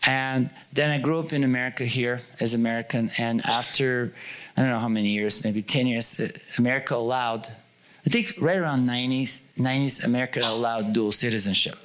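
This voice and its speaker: A man from Bulgaria, telling a story in a sermon-style podcast, with broken, animated phrasing. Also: mid-range voice, brisk. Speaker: ministry speaker.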